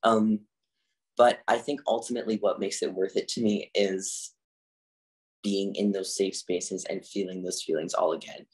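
A man, a drag artist talking casually as a podcast guest, with lots of "like" fillers. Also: lowish voice. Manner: chatty, filler-heavy with frequent "like". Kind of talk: casual interview talk.

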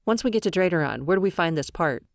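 A woman's voice: lowish voice, expressive, fast, gravelly, no echo, studio quality. A woman voicing a tough, blunt young woman mercenary captain in an audiobook. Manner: blunt and wry. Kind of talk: audiobook character voice.

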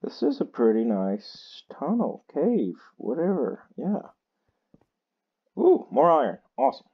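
Guy hosting a gaming channel, unhurried tired chatter, slightly dull mic. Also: medium pitch, huge pitch swings, slightly rough. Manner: slow, chatty and self-mocking. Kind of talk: casual gameplay commentary.

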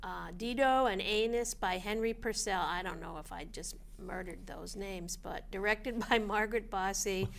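A woman co-hosting a local events show, reading listings in a brisk, chatty way with friendly asides. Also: mid-range voice, vocal fry, a little hiss or hum. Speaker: chamber of commerce co-host reading event listings. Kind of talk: casual local events chat.

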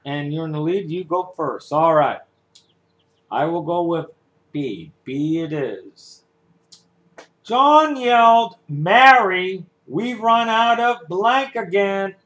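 A man's voice: high voice, expressive, slow, a bit bright, roomy sound, dull audio. A man playing every part of a game show by himself, with announcer patter, humming its theme music himself. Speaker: one-man game show parody performer. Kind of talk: playful solo game show imitation.

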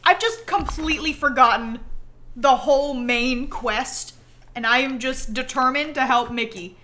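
Bubbly high-voiced woman streamer. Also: unhurried. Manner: bubbly, excitable, laughs a lot. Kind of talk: live game stream commentary.

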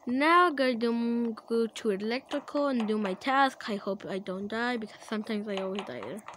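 A woman giving casual, excitable commentary while playing an online game, laughing and shouting as things happen. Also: a little high, moderate pace, slight background noise, rough recording. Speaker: gaming channel creator.

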